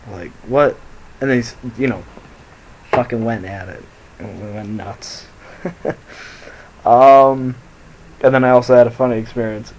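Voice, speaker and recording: A man's voice: medium pitch, steady tone, measured pace, pauses often, a little mellow, rough recording. A young man telling a rambling, profane story into his phone and laughing at his own jokes. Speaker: vlogger. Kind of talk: casual storytelling to camera.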